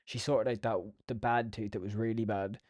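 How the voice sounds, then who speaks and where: A man's voice: on the low side, steady tone, moderate pace, darkish tone, no echo, studio quality. Sweary Irish man rambling casually. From Ireland. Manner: sweary, chatty storytelling. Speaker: podcast host.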